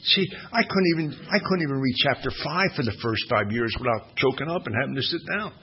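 A man's voice: medium pitch, animated, a little fast, breathy edge. An older man giving a recovery talk at a meeting, telling his story in a folksy, wry, self-mocking way. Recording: dull lo-fi recording with faint hiss.

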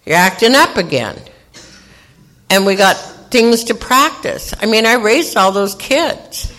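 A woman's voice: medium pitch, lively intonation, unhurried, fairly bright tone. A woman in her sixties from California tells her recovery story at a meeting. She is candid and self-mocking, and she acts out the people in her story. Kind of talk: personal recovery share.

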